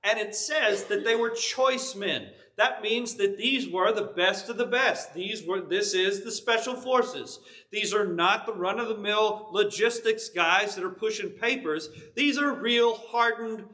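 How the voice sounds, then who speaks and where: A man's voice: high-pitched, slow pace, bright, forceful tone. A man preaching a sermon in a church, retelling a story in a conversational way.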